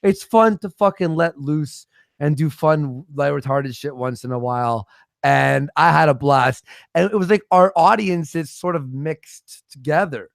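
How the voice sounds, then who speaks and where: A man with a gravelly, creaky voice, slightly higher than most men, telling loose, profane stories in a casual livestream chat. The sound is dry and close, with no room around it. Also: unhurried, no echo. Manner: profane, rambling storyteller.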